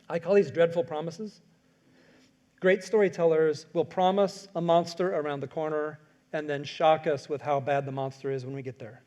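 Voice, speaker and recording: Male speaker, slightly high pitch, energetic workshop lecture with acted-out quotes. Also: muffled recording. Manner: animated, acts out quoted lines, asks the audience questions. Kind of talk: lecture to an audience.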